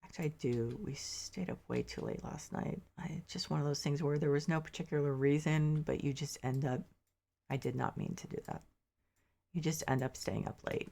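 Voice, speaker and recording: A woman streamer with a low, gravelly voice chats casually with her viewers as she plays. She thinks aloud and drops mildly exasperated asides. She sounds a little sleepy. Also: big pitch swings, normal speed, warm tone. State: sleepy, yawning. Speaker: game streamer. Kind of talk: casual gameplay commentary.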